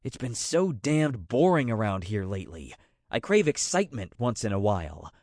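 A man's voice: lowish voice, big pitch swings, moderate pace, a little mellow, no room sound. A male narrator voicing a bored, restless grown man who jokes wryly with his friends, close to his own voice.

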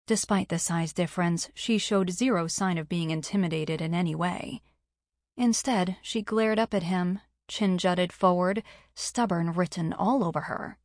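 A woman narrating a romance novel in a steady, even reading. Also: on the low side, unhurried, no echo, studio quality. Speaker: audiobook narrator.

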